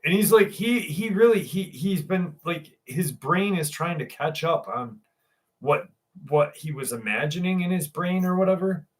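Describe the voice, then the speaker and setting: A man's voice: high-pitched, animated, normal speed. A man hosting a livestream in casual chat, rambling along with many fillers and restarts. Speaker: livestream host.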